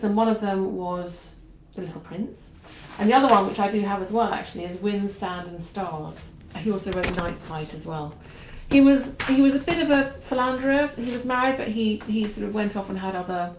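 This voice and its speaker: A woman chats casually from her home conservatory, wandering through asides as she introduces a reading. Her voice sits at an ordinary middle pitch. The glass room gives it a roomy echo. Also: a little hiss or hum. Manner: chatty and meandering, with frequent asides. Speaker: channel host. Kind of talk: casual talk before a book reading.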